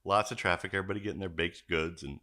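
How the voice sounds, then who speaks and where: A man's voice: low-pitched, very fast. A man hosting a casual podcast chat, telling profane stories with lots of mimicking. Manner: profane, animated storytelling with mimicked voices. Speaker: podcast host.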